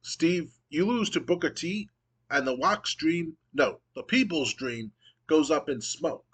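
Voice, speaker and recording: Man putting on a brash, boastful male pro wrestler, third-person trash talk, pitched up and stretched out. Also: expressive, a little slow, fairly bright tone, breathy edge, exaggerated voice.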